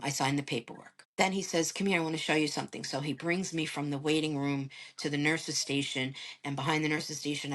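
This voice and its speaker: A woman, a podcast guest, casually telling a family story and acting out the dialogue as she goes. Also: deep voice. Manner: animated retelling that acts out quoted dialogue. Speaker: podcast guest, caregiver sister.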